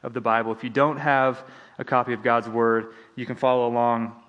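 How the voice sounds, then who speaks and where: A man's voice: medium pitch, level tone, a little fast, highs cut off. A man preaching a sermon as pastor, in a conversational manner with frequent restarts and asides. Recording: long hall reverb.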